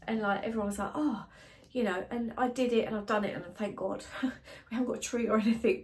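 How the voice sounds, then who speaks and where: A British woman vlogging to her viewers, sad and emotional, talking in a hesitant, halting way with many restarts. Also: a little high, a little hiss or hum. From Britain. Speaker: wellbeing vlogger. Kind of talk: casual emotional vlog to camera.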